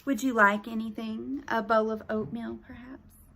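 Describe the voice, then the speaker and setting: A woman's voice: a little high, steady tone, normal speed, creaky, fairly bright tone, a little hiss or hum. A woman voicing a smarmy, fawning teenage boy who talks with oily, overly polite charm.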